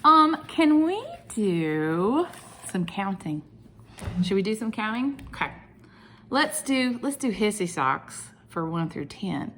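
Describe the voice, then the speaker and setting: A woman's voice: medium pitch, very animated, slow, a bit bright. Lady teacher doing a kids lesson from home, super bouncy sing-song voice, little whispery asides, bit of background hiss. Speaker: preschool teacher. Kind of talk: video lesson for young children.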